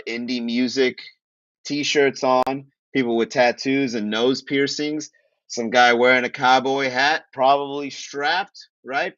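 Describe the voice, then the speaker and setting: A man's voice: medium pitch, a bit bright, no room sound, highs cut off. A man from Miami hosting a casual comedy livestream, joking and chatting with viewers, laughing at his own jokes. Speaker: comedy podcast host.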